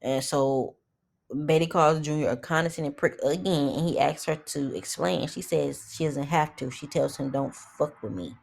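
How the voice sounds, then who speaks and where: A woman's voice: low voice, steady tone, moderate pace, creaky, darkish tone. A young woman recapping a reality show in blunt, profane, opinionated casual commentary.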